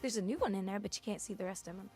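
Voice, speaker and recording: A woman's voice: medium pitch, very fast, darkish tone, faint music behind. Blunt, rambling woman streamer. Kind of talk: casual livestream chat.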